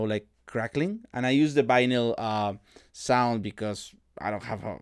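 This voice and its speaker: Guy with a lowish clear voice, explaining synth pads, lots of uhs, dry close mic. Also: dry recording. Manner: relaxed, halting, many fillers and restarts. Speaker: music producer tutorial host. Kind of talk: casual screen-recorded production walkthrough.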